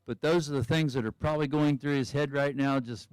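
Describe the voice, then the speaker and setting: A man's voice: medium pitch, fairly even intonation, a little fast, a little mellow, clear, resonant tone, dry recording. A man giving live sports commentary who chats and thinks aloud about each skier's options.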